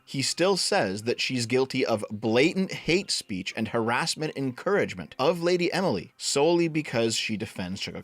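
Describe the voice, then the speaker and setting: A man's voice: mid-range voice, fairly bright tone. A young man narrating an online drama commentary in a blunt, sarcastic, exasperated way.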